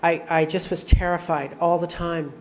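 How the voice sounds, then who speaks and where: Slightly low-voiced middle-aged woman sharing her story. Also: little pitch movement, moderate pace. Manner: storytelling with acted-out dialogue and wry self-deprecating humor. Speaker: recovery meeting speaker. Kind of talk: personal testimony to an audience.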